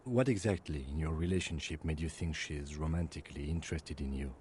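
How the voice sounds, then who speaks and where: A man voicing a composed, methodical male police lieutenant in a video game, questioning with calm precision. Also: a bass voice, quick pace, slight background noise.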